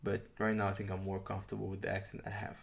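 A young man from Sudan chatting casually as a podcast co-host, relaxed and rambling with fillers and restarts. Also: on the low side, racing, gravelly. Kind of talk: casual chat.

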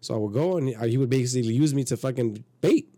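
A man's voice: medium pitch, expressive, quick pace, mellow, no room sound. Profane man telling a wild story. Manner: profane, rambling, acts out quotes. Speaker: podcast guest. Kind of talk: casual storytelling.

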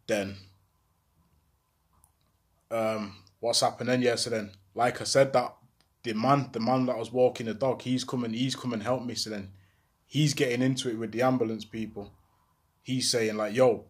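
A young man, casually telling his own story in a slangy, rambling, animated way. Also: lowish voice.

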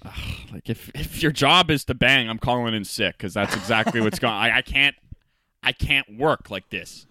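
A man's voice: mid-range voice, normal speed, sharp tone, no room sound, clean studio sound. A man co-hosting a podcast, telling a story in a casual, profane way and laughing often. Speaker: podcast co-host. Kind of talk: casual chat.

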